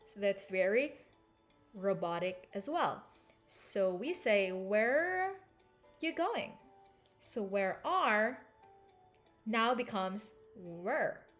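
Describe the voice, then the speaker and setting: A woman's voice: mid-range voice, lively intonation, takes it slowly, a bit bright, faint music behind. A woman teaching an English lesson, explaining and repeating phrases to show intonation. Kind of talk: language lesson.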